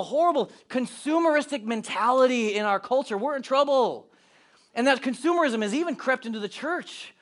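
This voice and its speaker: Pastor, male, high-pitched, animated sermon delivery with acted-out asides.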